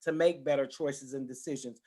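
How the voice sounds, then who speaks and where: A woman's voice: rumbling low, fairly even intonation, moderate pace, warm tone, breathy edge. A woman giving a personal testimony as a guest speaker, talking emphatically and repeating her key phrases for weight. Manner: emphatic, repetitive storytelling.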